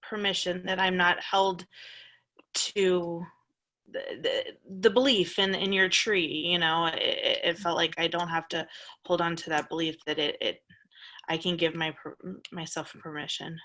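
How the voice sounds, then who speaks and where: A woman's voice: on the low side, flat delivery, a little slow, bright, forceful tone. A woman in a coaching group on a video call, hesitant and searching for her words. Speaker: participant in a coaching session.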